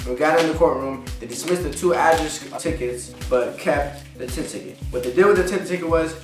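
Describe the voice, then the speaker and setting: A man's voice: a little high, fairly quick. A man ranting casually in a vlog, venting with frustration and lots of profanity, going over the same points again and again. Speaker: vlogger. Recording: echoey room, distant mic, faint music.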